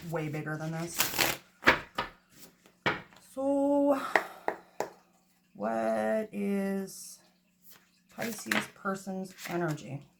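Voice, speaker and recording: A woman's voice: fairly low pitch, creaky, very noisy. A woman giving a casual tarot reading, chatty and self-mocking, swearing freely, recorded on a phone. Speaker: tarot reader. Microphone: phone camera.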